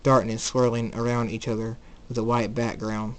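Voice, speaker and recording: A young man narrates a homemade fan story in a plain, halting way, stumbling and restarting on words. His voice sits at an ordinary middle pitch. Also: little pitch movement, slight background noise. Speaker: amateur storyteller. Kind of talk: reading fan fiction aloud, doing all voices.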